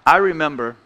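A man preaching a sermon in a church, folksy, restarting phrases and often clearing his throat. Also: on the high side, pushed and bright.

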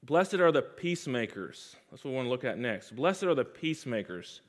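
A man preaching a sermon, leading his congregation in call-and-response with emphatic repetition, swinging between loud, raised passages and hushed, low ones. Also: sing-song, brisk. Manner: sweeping pitch and loudness swings between loud highs and hushed lows.

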